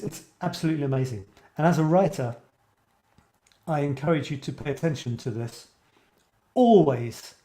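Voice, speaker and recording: A man's voice: medium pitch, mellow. A man hosting a casual live-stream about writing, rambling and musing aloud as he reacts to viewers' posts. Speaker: writing coach and live show host. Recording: echoey room.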